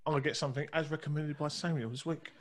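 A man's voice: on the high side, steady tone, racing, slight background noise. A man on a casual video call, chatting eagerly and cracking jokes. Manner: eager, jokey.

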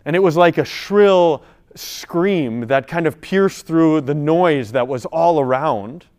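A man's voice: fairly high pitch, slow pace, a little mellow, smooth. A man, a priest, telling a story and then preaching to a gathering of college students. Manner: storytelling, builds to preaching emphasis. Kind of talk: sermon.

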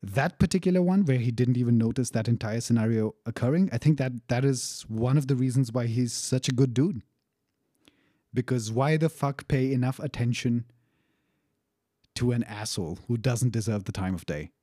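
A man's voice: medium pitch, normal speed, mellow, no room sound, studio quality. A man casually recounting a personal story, rambling and profane, with frequent fillers and chuckles.

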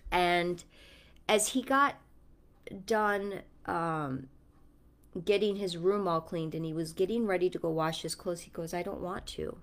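A woman's voice: lowish voice, unhurried, pauses often. A mother talking casually and earnestly, telling a story about her son and reflecting on her Bible reading. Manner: earnest, storytelling, speaks with conviction. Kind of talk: casual reflective vlog talk.

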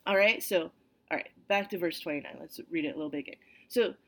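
A woman teaching a casual Bible study, reading verses and then chatting about them in an animated way that is full of asides. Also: fairly low pitch, quick pace.

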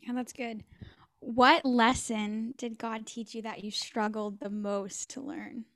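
Soft-spoken woman asking questions, dry sound. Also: a little high, flat delivery, slow pace, no echo. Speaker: interviewer. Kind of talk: casual interview.

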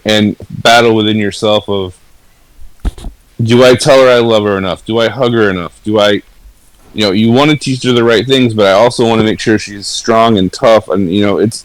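Earnest man in his forties, low voice. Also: moderate pace, no room sound, low-quality recording. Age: 40s. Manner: earnest, rambling, laughs easily. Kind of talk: casual candid conversation.

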